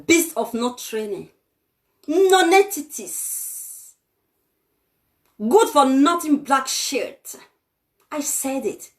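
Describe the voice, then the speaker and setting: A woman's voice: high-pitched, lively intonation, drawn-out words, pauses often. A young Nigerian woman with a Nigerian accent, delivering a heated, scolding vlog rant full of exclamations. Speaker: vlogger. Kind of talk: ranting vlog monologue.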